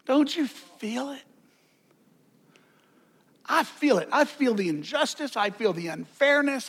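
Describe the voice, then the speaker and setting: A man's voice: very high voice, sing-song, unhurried, pauses often, a bit bright. A man preaching a sermon as pastor, conversational, with joking asides and repeated words.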